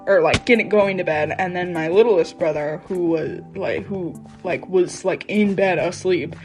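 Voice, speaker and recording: A young woman in her late teens chatting casually and excitedly, rambling with lots of fillers. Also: lowish voice, unhurried, low-quality recording. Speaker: vlogger. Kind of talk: casual chat over gameplay. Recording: background music playing. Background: background music.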